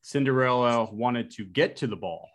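A man hosting a podcast, chatting casually and telling jokes in an upbeat, energetic way. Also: medium pitch, moderate pace. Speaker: podcast host. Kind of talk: casual chat.

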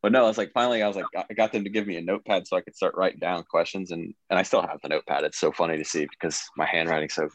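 A man's voice: low-pitched, fairly even intonation, rapid-fire, few pauses, no room sound. A man, a guest on an interview, telling stories in a laid-back, joking way. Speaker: guest recovering from a gunshot wound. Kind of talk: casual podcast interview storytelling.

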